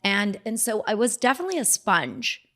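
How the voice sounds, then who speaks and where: A middle-aged dermatologist from Southern California tells her life story as a guest in a casual interview. Her mid-range voice moves a little fast, and she's animated, acting out the voices of the people she quotes.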